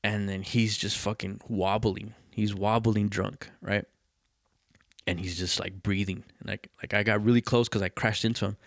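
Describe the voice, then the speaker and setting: A man's voice: on the low side, moderate pace, creaky, dry recording, clean studio sound. A man hosting a podcast, telling a personal story in casual, profane chat and acting out what people said. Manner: profane, animated, acts out quoted voices. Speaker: podcast host.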